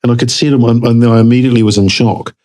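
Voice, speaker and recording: A man with a New Zealand accent, a podcast guest telling a story casually and animatedly, jumping up in pitch to act out dialogue. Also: fairly even intonation, rapid-fire, a little mellow, poor audio.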